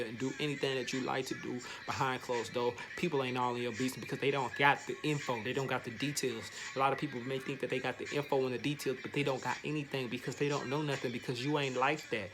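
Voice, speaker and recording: Slangy and repetitive, a man delivers a laid-back motivational vlog monologue. At times he leaps into a higher, more animated voice.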